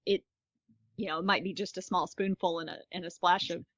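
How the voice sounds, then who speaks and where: A woman's voice: fairly low pitch, steady tone, fairly quick, over a noisy crowd. A woman guesting on a casual podcast, answering hesitantly with many fillers. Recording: dry, dull lo-fi audio.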